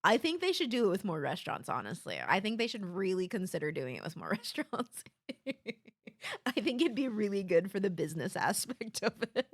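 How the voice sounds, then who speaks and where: A woman's voice: mid-range voice, normal speed, husky, no echo. Young woman streamer rambling and giggling, voice bouncing all over, dry close sound. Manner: rambling and giggly, with sudden excited outbursts. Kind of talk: casual chat to a live audience.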